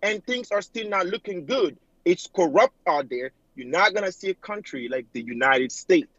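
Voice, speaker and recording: A man's voice: sits high, lively intonation, normal speed, fairly bright tone, no room sound. Earnest African man calling in by phone. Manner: earnest, rambling, filler-heavy. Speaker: caller. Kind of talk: call-in talk show caller. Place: home in New York City. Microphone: phone line. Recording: dull lo-fi phone call audio.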